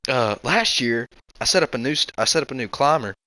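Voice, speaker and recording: A young man, casually telling hunting stories with frequent laughs and restarts. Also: medium pitch. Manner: animated, laughs often, quick restarts. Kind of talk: casual storytelling.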